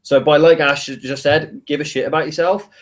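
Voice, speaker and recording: A man's voice: a little high, steady tone, normal speed. A man hosting a casual interview, talking emphatically and bluntly, with plenty of enthusiasm. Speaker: interview host, coach.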